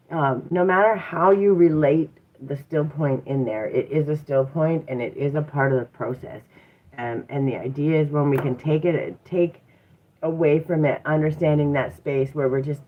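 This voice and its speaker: Low-voiced woman coaching over tinny audio. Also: normal speed. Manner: reflective and encouraging, many rhetorical questions and "um"s. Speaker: livestream host and mindset coach. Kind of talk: casual motivational livestream talk. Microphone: device mic from a live stream. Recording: tinny phone-like live stream audio.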